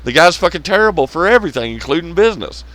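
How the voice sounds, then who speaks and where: A man's voice: a little high, sing-song, fast, fairly bright tone, no echo. A man giving blunt, sarcastic, profane commentary on a rant vlog, laughing at his own jokes. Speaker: wrestling commentary vlogger.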